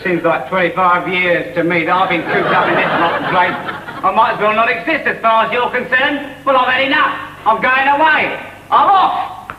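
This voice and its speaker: A man's voice: high-pitched, normal speed, dull audio, a little hiss or hum, natural voice. An actor playing a resentful, defiant son in his twenties with a working-class English accent, in a 1960s TV sketch. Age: 20s. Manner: sullen, cheeky, defiant. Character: resentful 25-year-old son, rebellious, sullen.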